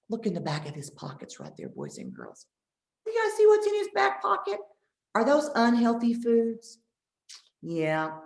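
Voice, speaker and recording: Woman teaching little kids about food, slow and bouncy, lots of call and repeat, echoey room. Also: a little high. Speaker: extension nutrition educator. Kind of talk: children's lesson for kindergarten.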